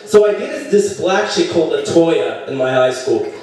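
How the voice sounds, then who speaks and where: High-voiced male comic in an echoey club. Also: lively intonation, moderate pace, darkish tone. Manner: crude storytelling, acts out characters with jumpy pitch. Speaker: stand-up comedian. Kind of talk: stand-up set. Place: comedy club stage. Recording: very echoey room, voice from far off the mic.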